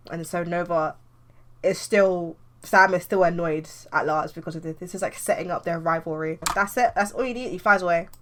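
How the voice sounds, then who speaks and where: A woman's voice: fairly low pitch, normal speed, a bit bright, a little hiss or hum. A young woman comic artist, chatting loosely through her page planning and filling her talk with "like". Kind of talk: casual tutorial vlog.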